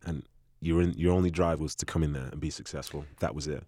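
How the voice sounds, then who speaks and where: Fast-talking deep-voiced man. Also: no room sound, clean studio sound. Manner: relaxed anecdotal, often quoting with a low voice. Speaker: former footballer guest. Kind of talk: casual storytelling chat. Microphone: podcast mic.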